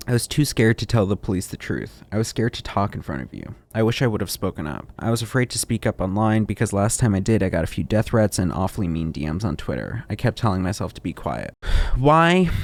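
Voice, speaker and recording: A man with a low voice reads a long written statement aloud to his stream. His tone is steady and somber, and he breaks off now and then for a quiet, muttered aside. His voice carries a rough, gravelly edge. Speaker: streamer reacting to online content.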